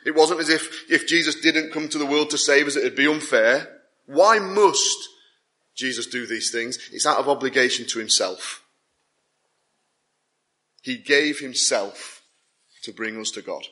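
Man, preacher, sermon, emphatic repetition, bright forceful voice. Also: mid-range voice, measured pace, long pauses. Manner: emphatic, repetitive build-ups with rising intensity.

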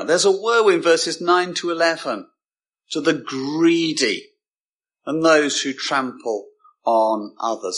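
Husky-voiced male preacher, slow and emphatic. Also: a little high, fairly bright tone. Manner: emphatic, with dramatic pauses and repetition. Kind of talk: sermon.

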